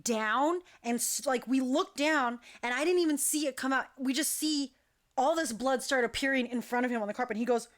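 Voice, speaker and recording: A woman who directs a dance crew, telling an animated, chatty story full of "like" fillers. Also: sits high, normal speed. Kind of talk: casual storytelling.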